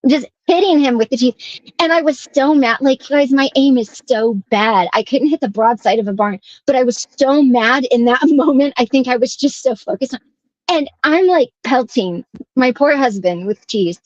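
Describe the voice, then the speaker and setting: Chatty co-host lady, kinda high voice, dull dry video call sound. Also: moderate pace, no room sound. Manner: animated, laughs mid-sentence, restarts phrases. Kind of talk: casual storytelling chat.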